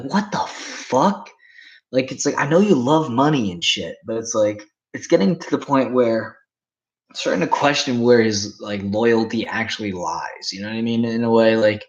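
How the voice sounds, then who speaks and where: A man's voice: medium pitch, highs cut off. A man in his twenties, rambling and swearing casually while reacting to chat on a livestream. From Canada. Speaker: streamer.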